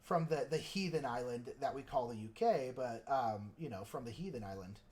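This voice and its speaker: Painting miniatures on a casual stream, a man speaks in a mid-range, slightly mellow voice with lively intonation and a moderate pace. His rambling commentary is packed with filler words and self-mocking jokes.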